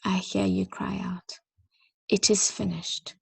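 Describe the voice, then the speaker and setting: Soft, breathy woman with a gravelly edge. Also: medium pitch, little pitch movement, no echo. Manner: soft, slow and reflective, often near a whisper. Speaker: church leader. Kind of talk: reading a prayer poem and sharing a message.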